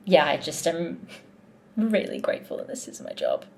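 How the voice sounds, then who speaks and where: A woman's voice: low-pitched, huge pitch swings, moderate pace. A young woman in casual vlog chat, talking in a gushing, heartfelt way as a musical theatre performer backstage.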